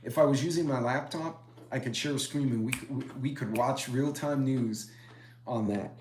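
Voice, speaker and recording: A man's voice: mid-range voice, moderate pace, a little mellow, slight background noise. A middle-aged man hosting a casual live stream, rambling and chatty as he greets commenters. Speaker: preparedness live-stream host. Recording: echoey room.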